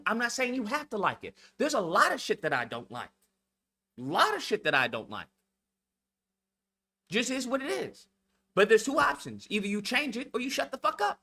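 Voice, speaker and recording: Man, high-pitched, bright edge; hosts a blunt, profane lecture-style rant. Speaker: channel host. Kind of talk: heated monologue rant.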